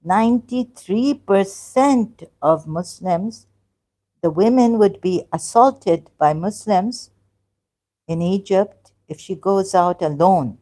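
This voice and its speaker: A woman hosting a casual livestream on religion, talking haltingly with many fillers and apologies, then pressing rhetorical questions. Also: medium pitch, warm tone. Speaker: livestream host. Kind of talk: casual live-stream talk on religion.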